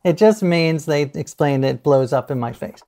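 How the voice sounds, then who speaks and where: A middle-aged man telling anecdotes as a podcast guest, animated, laughing easily and acting out what people said. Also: on the high side, normal speed. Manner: animated storyteller, laughs often, acts out quotes. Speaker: guest author. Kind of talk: casual podcast interview.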